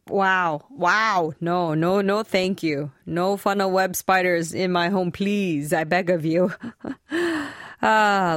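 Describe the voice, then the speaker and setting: A woman's voice: on the low side, no echo, clean studio sound. A woman hosting a radio show, chatting casually and laughing often. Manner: lively, laughs often, playful. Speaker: radio host.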